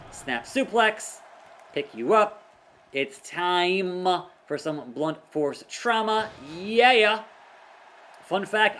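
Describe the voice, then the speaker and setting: A young man playing through a wrestling video game, reading the in-game dialogue aloud and calling the action like a commentator with loud whoops. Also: a little high. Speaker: gaming YouTuber. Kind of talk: let's play commentary.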